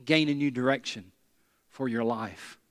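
A man's voice: medium pitch, measured pace, a bit bright, long reverb tail. A man preaching a sermon to his congregation, earnest and emphatic, repeating key lines and calling the people to answer back. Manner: leads the congregation in call and response. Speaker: pastor. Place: church sanctuary before a congregation.

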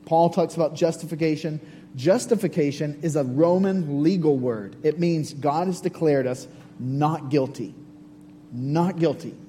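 A man's voice: a little high, a little slow, dark tone. A man giving a sermon as a pastor, earnest and conversational, with repeated phrases. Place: church sanctuary. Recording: long hall reverb, faint hum.

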